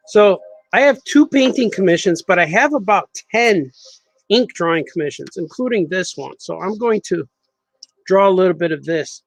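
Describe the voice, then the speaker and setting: A man's voice: high voice, expressive, moderate pace, gravelly, no room sound, soft background music, low-quality recording. A man, a cartoonist, chatting casually on a live stream while he draws, repeating himself as he works.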